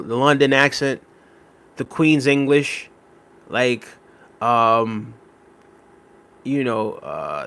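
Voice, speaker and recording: With a mid-range, slightly bright voice, a young livestream host chats casually and wanders from topic to topic. He uses lots of fillers, reacting to and answering viewer comments as they come in.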